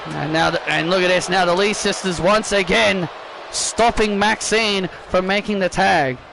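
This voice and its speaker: A man commentating his own wrestling video game matches with excitable play-by-play, often restarting his sentences and shouting at the big moves. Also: high-pitched, normal speed, gravelly, a little hiss or hum. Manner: frequent restarts and self-corrections, bursts of shouting at big moves.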